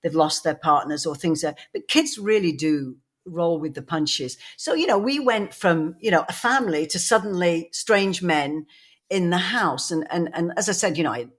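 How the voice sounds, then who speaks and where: A woman's voice: fairly low pitch, animated, moderate pace, slightly rough. A woman co-hosting a podcast, telling rambling anecdotes with laughs and many "you know"s. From England. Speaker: podcast co-host. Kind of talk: casual storytelling chat.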